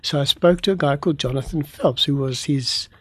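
A man, a pastor from Africa, telling a story in an animated way and acting out the dialogue. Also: on the high side, a little fast, breathy edge, no room sound. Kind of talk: storytelling testimony in an interview.

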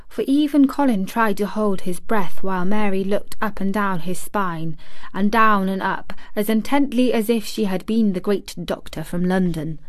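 A woman narrating a classic novel as an audiobook, with a measured, expressive reading. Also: mid-range voice, no room sound, clean studio sound. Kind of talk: storybook narration.

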